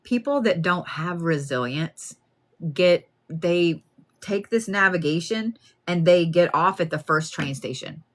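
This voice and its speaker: A woman giving a card reading in a chatty, plain-spoken way, full of animated asides. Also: on the low side, a little slow. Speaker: card reader.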